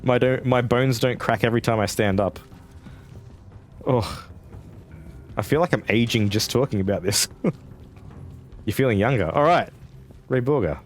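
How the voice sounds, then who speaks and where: With soft music in the background, a game streamer in his twenties gives casual, rambling live commentary and answers chat between fights. His mid-range voice moves at a measured pace with frequent pauses.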